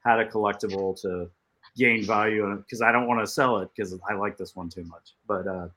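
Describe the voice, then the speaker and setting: A man's voice: on the low side, fairly even intonation, brisk, sharp tone. A man chatting casually on a podcast, with loose phrasing and lots of fillers. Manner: loose, filler-heavy chat. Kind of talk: casual chat.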